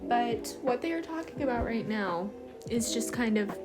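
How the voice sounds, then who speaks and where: A woman's voice: a little high, lively intonation, moderate pace, loud music behind the voice. A woman chatting casually on a video blog about books she is reading, gushing and emotional, with many fillers. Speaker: book reviewer. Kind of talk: casual vlog book reactions.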